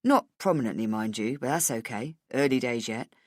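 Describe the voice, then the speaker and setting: A woman voicing a calm, matter-of-fact middle-aged male boss. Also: rumbling low, moderate pace, no echo, clean studio sound, pitched below the performer's own voice.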